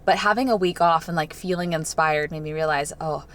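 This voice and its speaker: A young woman vlogging casually to camera, chatty and excitable, gasping and squealing over what she unwraps. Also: low voice, fairly quick. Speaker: lifestyle vlogger. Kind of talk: casual vlog chat to camera.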